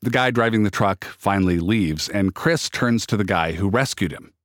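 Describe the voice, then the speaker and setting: A man's voice: fairly low pitch, normal speed, a bit bright, no room sound, studio quality. A man hosting a podcast, reading scripted narration and sponsor notes in an earnest, lightly playful way. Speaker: podcast host.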